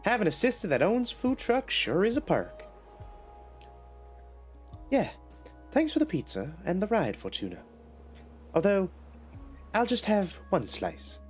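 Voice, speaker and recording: A man's voice: high voice, wildly swooping pitch, measured pace, pauses often, soft background music, voice pushed up, heavily acted. A man reading a breezy, teasing young woman friend of the heroine in a story game.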